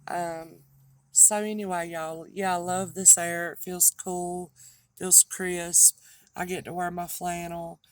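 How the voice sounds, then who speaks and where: A middle-aged woman with a thick Southern drawl, chatting casually and rambling in a vlog to her regular viewers. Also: on the low side. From North Carolina, US. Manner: rambling, chatty, trips over words. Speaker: online reseller and host.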